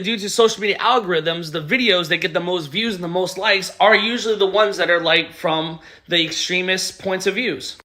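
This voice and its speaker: A man speaking an earnest, measured opinion monologue to camera, appealing for common ground. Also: high-pitched, bright, forceful tone. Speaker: commentator.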